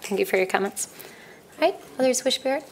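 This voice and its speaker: A woman chairing a city council meeting, briskly calling for public comment. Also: on the high side, expressive, a little hiss or hum. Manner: brisk, procedural.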